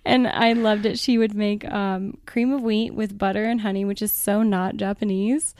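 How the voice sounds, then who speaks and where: A woman's voice: medium pitch, steady tone, normal speed, hardly any pauses, darkish tone, no room sound. A woman, a podcast guest, talking in an earnest, reflective way and laughing often. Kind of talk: reflective casual chat.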